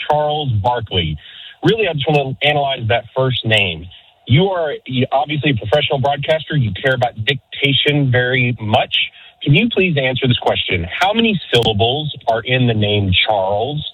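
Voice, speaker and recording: A man's voice: mid-range voice, animated, normal speed, breathy edge, no room sound. A man calling into a sports radio show with a dry, joking manner. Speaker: caller. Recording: muffled phone-in line.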